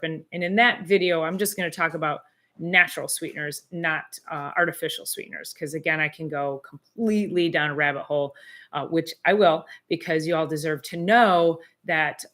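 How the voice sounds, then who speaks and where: A middle-aged woman chiropractor hosting a casual live Q and A, chatty and rambling with fillers and restarts. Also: lowish voice. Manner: animated, exclaims in disbelief. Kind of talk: casual live-stream chat.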